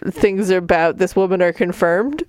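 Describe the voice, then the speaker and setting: A woman's voice: fairly low pitch, moderate pace, darkish tone. A woman co-hosting a casual chat who reacts bluntly and swears freely. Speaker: podcast co-host. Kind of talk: casual book-recap chat.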